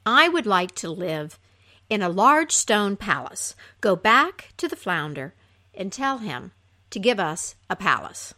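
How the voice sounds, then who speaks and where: A greedy fisherman's wife orders her husband about, impatient and demanding, as a woman acts her out. Her voice rises and dips with lots of movement at a slow, deliberate pace. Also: mid-range voice, very animated, sharp tone.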